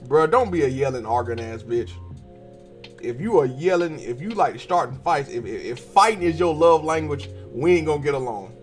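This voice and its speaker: A man's voice: fairly high pitch, moderate pace, faint music behind. Profane young man telling stories. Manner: profane, animated storytelling with slangy cussing. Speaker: podcast host. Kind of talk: casual storytelling monologue while drawing.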